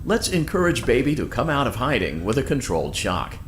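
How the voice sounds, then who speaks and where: A man's voice: mid-range voice, big pitch swings, background noise, lightly acted. A man voicing a polite robotic assistant. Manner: polite, measured customer-service delivery. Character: polite male robotic handheld assistant, calm and chipper.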